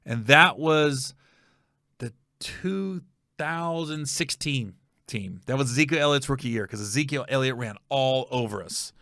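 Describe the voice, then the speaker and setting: A middle-aged man, a comedian hosting his own podcast, tells stories in a casual monologue and animatedly acts out the voices of the people in them. His voice sits in the mid range and he speaks unhurriedly. The studio-quality recording has no echo.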